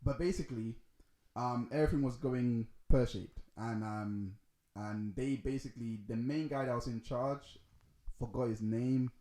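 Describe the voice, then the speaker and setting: A man co-hosting a podcast in casual chat, rambling and halting with lots of restarts and fillers. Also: mid-range voice, mellow. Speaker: podcast co-host. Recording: roomy echo.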